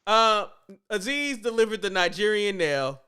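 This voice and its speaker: Man, wrestling podcast co-host, lively casual talk, bright tone, high pitch. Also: measured pace, clean tone. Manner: animated, laughs often.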